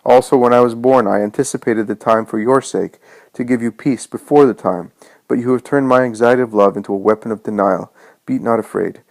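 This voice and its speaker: A gentle, loving savior speaks in a solemn, tender manner, read by a man. The voice sits at a middling pitch and sounds dry and close. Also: steady tone, fairly quick, vocal fry, no room sound, close to an everyday voice, rough recording.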